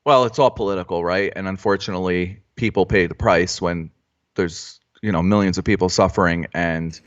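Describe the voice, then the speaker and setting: A man with a fairly low voice chats loosely on a trading livestream, joking with his co-hosts and restarting his sentences. The audio is dull and lo-fi, like a home stream setup. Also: fairly even intonation, fairly quick. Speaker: stock trading livestream host. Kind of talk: casual live-stream chat. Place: Florida home trading room.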